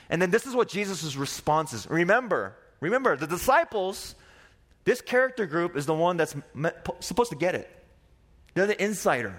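A young man delivers a sermon in a fairly high voice. He tells the stories with theatrical flair, jumping in and out of the characters' voices. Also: a bit bright. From Korea. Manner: dramatic, acts out voices of disciples and Jesus. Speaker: pastor.

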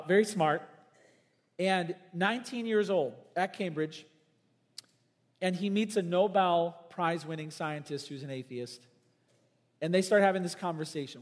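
A pastor preaches a sermon in a church, his high voice climbing sharply whenever he drives a point home. His delivery is emphatic, lurching between loud bursts and soft, low asides with big swings in pitch and volume, all ringing out in a long hall reverb.

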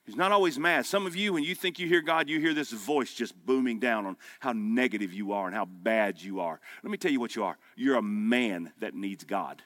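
Male pastor, bright forceful tone, folksy emphatic sermon delivery. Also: mid-range voice, animated, brisk, few pauses. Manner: folksy, emphatic preaching, rising to loud peaks. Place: men's breakfast gathering hall.

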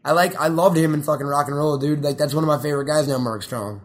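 A young man chatting casually about films, excitable and rambling, swearing often. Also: a little high, quick pace. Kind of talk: casual chat.

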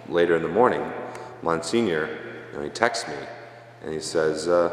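Casual storytelling priest in echoey church. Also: male voice, a bass voice, moderate pace, pauses often. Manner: casual, self-deprecating storyteller. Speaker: parish priest. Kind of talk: storytelling homily. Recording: echoey church with long reverb.

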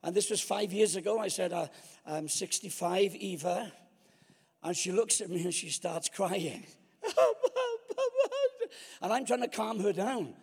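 A man's voice: high voice, moderate pace, creaky, breathy edge. A man in his seventies, a guest preacher telling comic stories with self-mocking jokes. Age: 70s. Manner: jokey, self-mocking, lively anecdotes. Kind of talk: sermon with comic storytelling. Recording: long hall reverb.

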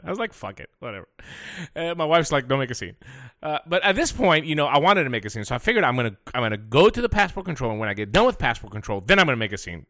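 A middle-aged man hosting a podcast, telling a story casually, animated and profane, getting heated as he recounts a complaint. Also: fairly high pitch, no room sound, clean studio sound. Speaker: podcast host. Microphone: podcast mic.

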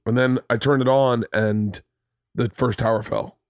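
A man's voice: mid-range voice, a little slow, no echo, clean studio sound. A man in his thirties hosting a podcast, telling a story in casual, profane chat and acting out the lines he quotes. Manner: animated, profane storyteller who acts out quotes. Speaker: podcast host. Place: home studio room.

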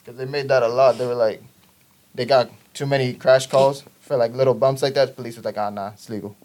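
A man's voice: mid-range voice, a little fast. A young man from the Boston area, telling a story in casual chat with friends and acting out the voices he quotes. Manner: animated storytelling, acts out quoted voices, laughs through lines.

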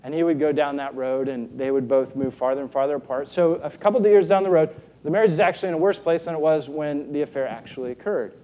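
Mellow-voiced preacher, earnest and rhetorical. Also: male voice, on the high side, fast talker. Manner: earnest, rhetorical, keeps asking "right?". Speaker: pastor. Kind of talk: sermon.

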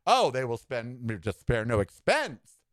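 On his own podcast, a man delivers a sassy, opinionated monologue full of campy asides. His pitch swoops wildly and his delivery swings dramatically in pitch and tempo, though his overall pace stays measured. There's no room sound.

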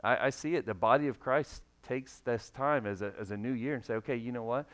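A man's voice: medium pitch, a little fast, a bit bright. A man preaching a sermon in a conversational way, reading scripture and now and then acting out quoted voices. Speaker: pastor.

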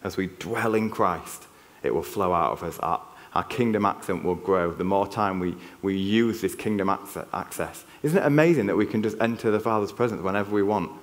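Yorkshire guy giving a sermon, lowish voice, chatty and earnest, big hall echo. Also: moderate pace. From Yorkshire, England. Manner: earnest, conversational, frequent restarts. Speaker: preacher. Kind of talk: church sermon. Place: church hall. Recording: long reverb of a church hall.

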